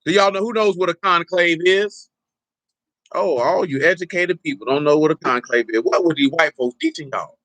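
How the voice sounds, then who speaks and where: Dude pastor teasing his congregation, kinda high bright voice, dry close sound. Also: lively intonation, brisk, no room sound. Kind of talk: informal teaching sermon.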